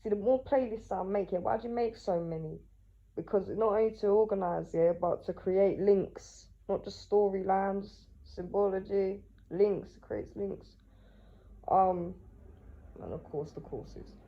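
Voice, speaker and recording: A woman's voice: medium pitch, a little slow. A woman talking casually to the camera, asking herself questions and answering them, tagging her lines with "yeah?" and often restarting. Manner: rambling, with many restarts. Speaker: vlogger and writer. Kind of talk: casual monologue. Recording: dull lo-fi sound.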